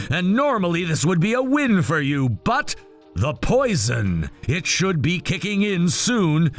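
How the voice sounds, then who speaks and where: A man voicing a spiteful male demon who drawls his taunts slowly. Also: fairly high pitch, a bit bright, full character voice.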